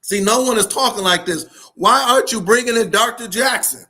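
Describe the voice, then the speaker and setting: A man's voice: sits high, brisk, pushed and bright. A man hosting a live talk, preaching with fiery repetition and slangy to his listeners. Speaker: podcast host, school leadership speaker. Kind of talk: live-streamed motivational talk.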